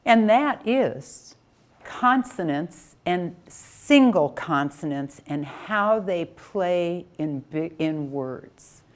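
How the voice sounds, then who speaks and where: Slow, calm woman teaching phonics. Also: on the low side. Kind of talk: patient phonics instruction.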